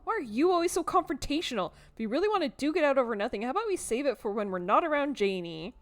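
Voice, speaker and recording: A woman's voice: medium pitch, fairly even intonation, unhurried, smooth, lightly acted. A woman voicing a grumpy, prickly cousin who talks in a curt, snappish way in a video game.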